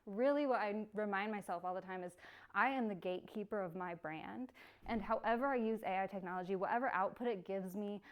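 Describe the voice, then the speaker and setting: A woman's voice: medium pitch, brisk. A young woman giving a casual live workshop, chatty and bubbly, laughing often. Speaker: workshop presenter.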